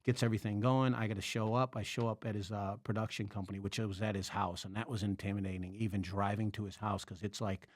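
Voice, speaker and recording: A man hosting a podcast, telling a long story in a casual, animated way, acting out quotes and laughing often. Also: lowish voice, quick pace, hardly any pauses, dry recording, clean studio sound. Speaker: podcast host, comedian.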